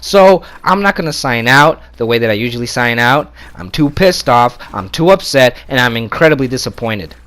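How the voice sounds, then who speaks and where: A gamer's mid-range voice, a bit bright and smooth, moves with lively intonation at normal speed and hardly any pauses. Recorded on a console capture mic, he rants in anger, swearing constantly, repeating himself and turning sarcastic, a heated, profane complaint.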